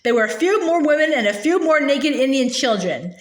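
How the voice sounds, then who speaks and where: Woman, high voice, storybook reading, gentle, small restarts, echoey room. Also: sing-song, a little fast. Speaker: storybook reader. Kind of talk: reading a children's novel aloud.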